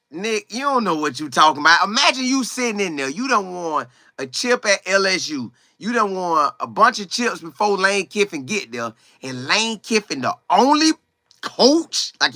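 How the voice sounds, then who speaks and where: A man hosting a casual football livestream, greeting viewers by name and talking in animated, quick bursts. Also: high-pitched, dry recording, clean studio sound. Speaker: livestream host. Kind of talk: casual live chat about football.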